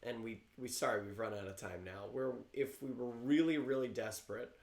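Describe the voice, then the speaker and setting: A man's voice: mid-range voice, a little fast. A man in mid-register casual chat, rambling from one thought to the next and restarting sentences as he goes. The sound is roomy and echoey. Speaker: livestream co-host.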